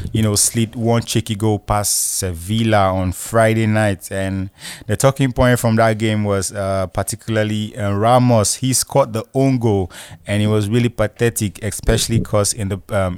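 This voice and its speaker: A man with a very low voice talks through football results in a loose, rambling podcast chat. He keeps stitching thoughts together with "you know" and "uh". The sound is dry and close, with no room around it. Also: a little mellow, no room sound.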